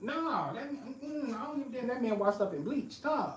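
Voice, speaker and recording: A woman's voice: a little high, expressive, normal speed, slight background noise. A woman chatting casually as a podcast guest, blunt and joking, laughing often. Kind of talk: casual chat. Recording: echoey room, mic at a distance.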